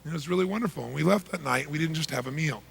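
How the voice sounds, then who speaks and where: A middle-aged man, a motivational speaker, telling a story emphatically, swinging from loud bursts to hushed lines. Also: on the high side, very fast, vocal fry, slight background noise.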